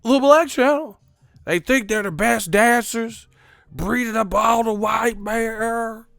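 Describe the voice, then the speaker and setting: A shrill old bigot rants in a drawn-out, exaggerated voice. The pitch leaps far above the performer's own, loud and stretched out. The sound is dry and close. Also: male voice, vocal fry, no room sound, full character voice. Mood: ranting.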